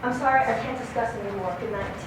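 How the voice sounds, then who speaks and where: A young woman playing an impulsive, dramatic newlywed wife, talking emotionally, sometimes shouting and near tears. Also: on the high side, fast talker, close to an everyday voice. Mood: tearful. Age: young adult. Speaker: student actor. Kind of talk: stage acting in a class play. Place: classroom stage. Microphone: distant camera. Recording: echoey room from far off, faint noise.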